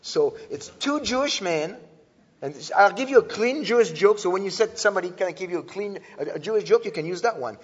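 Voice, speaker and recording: Earnest man speaking in an echoing hall. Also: high-pitched. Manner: earnest, with frequent restarts and filler sounds. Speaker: speaker teaching about antisemitism. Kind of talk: animated talk to an audience. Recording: dull lo-fi sound with long hall reverb.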